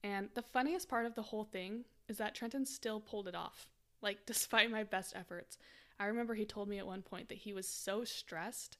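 A woman's voice: medium pitch, moderate pace. Young female podcast host in her twenties; casual, chatty storyteller who leans on "like" a lot. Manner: chatty, frequent "like" fillers, laughs while telling.

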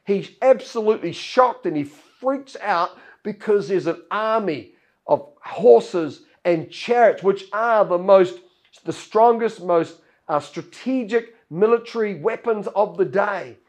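High-voiced pastor preaching. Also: male voice, lively intonation, slow, a little mellow. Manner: storytelling, acts out Bible characters' lines. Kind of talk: sermon.

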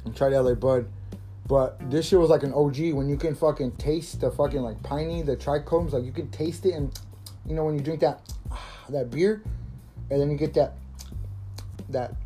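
A man's voice: fairly high pitch, dark tone. Profane laid-back thirty-year-old guy. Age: 30s. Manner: profane, rambling, laughing. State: coughing from smoking. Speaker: podcast host. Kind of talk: casual stoner monologue. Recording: faint guitar music behind.

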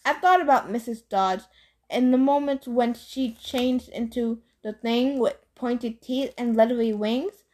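A woman reading a novel aloud in a plain, steady storytelling manner. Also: fairly high pitch, measured pace. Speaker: audiobook reader.

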